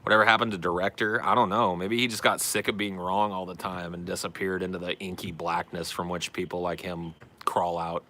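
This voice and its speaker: A man with a fairly low but bright, forceful voice chats casually as a show host. He answers viewer questions bluntly, swears freely and jokes at his own expense. A faint hiss sits under his voice. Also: little pitch movement, a little fast. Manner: blunt, profane, self-deprecating. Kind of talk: casual chat.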